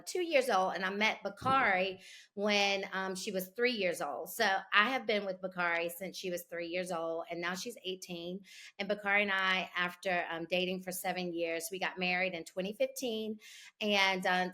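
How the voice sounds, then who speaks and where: A woman in her forties, a guest telling about her family in a halting way with many pauses. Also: lowish voice, bright, forceful tone. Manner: hesitant, many ums. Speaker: guest, business owner. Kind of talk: interview talk.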